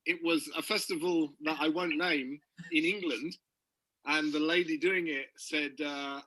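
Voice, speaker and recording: A man with a bright, forward voice, recorded close and dry. He chats casually with his longtime co-writer, laughing often and acting out other people's voices in his anecdotes. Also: a little high, steady tone, a little slow, dry recording, low-quality recording. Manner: chatty, laughs easily, mimics other voices. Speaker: co-writer of graphic novels and guides. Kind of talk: casual chat between friends. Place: recorded video conversation.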